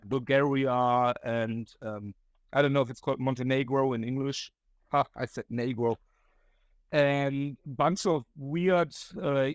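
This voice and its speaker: A man's voice: medium pitch, no room sound. A young German man with a German accent, rambling through a casual solo podcast story, swearing and laughing often. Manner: rambling, profane, laughs often, acts out quotes. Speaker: podcast host.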